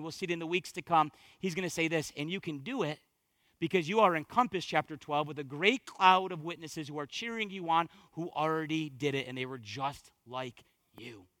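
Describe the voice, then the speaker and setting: A man preaching a sermon as pastor, swinging from hushed, low passages to fervent, building exhortation and repeating phrases for emphasis. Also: dry recording.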